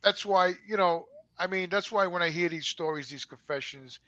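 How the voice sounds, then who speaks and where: A man's voice: high-pitched, normal speed, fairly bright tone, lo-fi sound, slight background noise. A man, telling a long personal story on a podcast and rambling with lots of "you know.". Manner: rambling, repeats words and says "you know" a lot. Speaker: podcast co-host. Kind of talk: casual storytelling chat.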